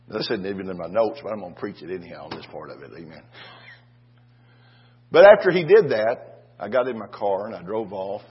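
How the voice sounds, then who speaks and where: Older preacher with a husky voice. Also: male voice, lowish voice, highs cut off. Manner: folksy, restarts with "and, uh", asks "Amen?" of the congregation. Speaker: pastor. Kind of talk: sermon.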